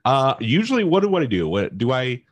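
A man on a casual podcast, launching into a profane, heated comic rant with big swings in pitch. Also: quick pace, breathy edge. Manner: heated, swears constantly, animated pitch swings.

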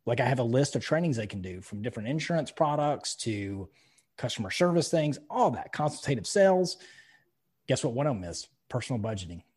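Man, middle-aged, husky voice, casual podcast host, emphatic storyteller, swears freely. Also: mid-range voice, very animated, a little fast, darkish tone. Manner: emphatic storytelling with frequent profanity. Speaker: podcast host, insurance agency owner.

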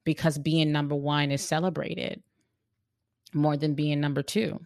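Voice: medium pitch, level tone, unhurried, a little mellow, no echo, studio quality. A podcast host giving an earnest, reflective monologue on leadership, often restarting phrases while searching for words.

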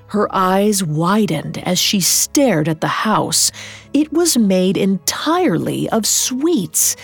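Woman, podcast narrator, measured dramatic reading, faint background music. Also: mid-range voice. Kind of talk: scripted storytelling narration.

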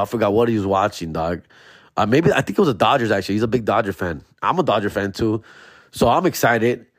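A man hosting a comedy podcast, telling a story in a loose, slangy way and peppering it with "fool" and "bro", with sudden jumps into a high, excited voice. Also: no room sound, studio quality. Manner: slangy, animated retelling, jumps to high excited voice when quoting himself. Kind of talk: casual storytelling.

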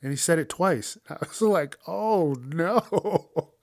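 A man's voice: fairly high pitch, moderate pace, no echo, clean studio sound. A man hosting a casual news commentary show, swearing often and ranting with frequent laughs. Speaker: host.

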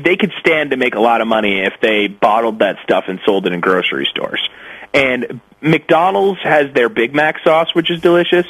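Easygoing young man with a husky voice. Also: medium pitch, fairly bright tone, no room sound, low-quality recording. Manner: easygoing, enthusiastic, rambling. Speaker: podcast co-host. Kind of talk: casual podcast chat.

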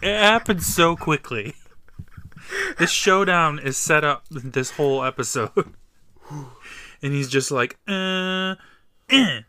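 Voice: medium pitch, takes it slowly, pauses often, pushed and bright. A podcast co-host giving sarcastic, laughing commentary while recapping a TV episode. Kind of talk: casual chat recapping a TV episode.

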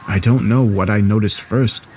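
A man's voice: fairly low pitch, fairly even intonation, moderate pace, a little mellow, a little hiss or hum. A man reading a first-person horror story aloud in a dramatic, scripted narration.

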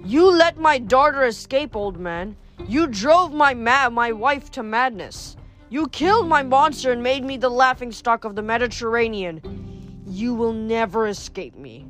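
A woman's voice: on the high side, lively intonation, measured pace, a bit bright, soft background music. A woman reading aloud, voicing a cruel, mocking middle-aged king who sneers and taunts, for an audiobook. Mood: bitter.

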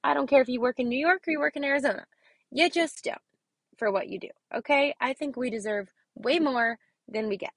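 A brisk, high-pitched woman's voice, recorded with no room sound, belongs to a kindergarten teacher hosting a casual motivational podcast. She talks emphatically, checks in with "okay?" again and again, and whispers when she wants to stress something key.

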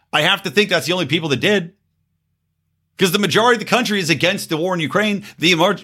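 A man's voice: high-pitched, bright, forceful tone, slightly rough. A male podcast host with a scratchy throat, ranting in angry, profane, sarcastic political commentary.

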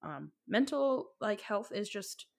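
A young woman co-hosting a podcast tells a personal story, rambling casually with lots of likes and ums and swearing freely. Her medium-pitched voice is expressive and a little mellow, with vocal fry, and she takes her time.

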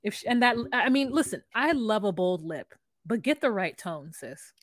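A woman co-hosting a podcast in casual chat, blunt and sassy, quick to criticize. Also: medium pitch, sing-song, no echo. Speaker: podcast co-host.

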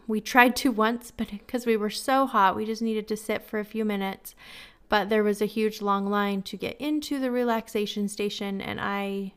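Chatty woman hosting a podcast, smooth voice. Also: medium pitch. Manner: chatty, candid, self-deprecating; gives friendly advice. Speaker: podcast host. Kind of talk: casual storytelling podcast.

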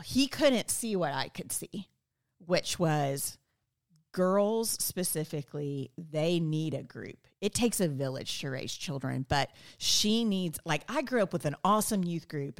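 A middle-aged woman, a podcast guest, telling stories in casual conversation and acting out quoted lines with lively energy. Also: lowish voice. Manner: animated, acts out quoted dialogue. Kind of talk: casual storytelling interview.

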